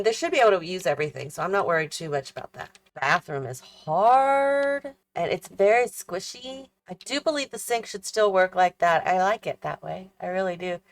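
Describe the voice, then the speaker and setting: A tired, yawning woman chatting casually as she builds a house in a game, thinking aloud and questioning her own choices as she goes. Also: fairly low pitch. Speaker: host of a gaming channel.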